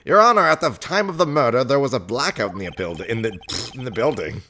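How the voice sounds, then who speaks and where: A man's voice: medium pitch, expressive, brisk, pushed and bright, pitched above the performer's own voice. A man voicing a nervous young male defense lawyer in a video game, hesitant and unsure of himself.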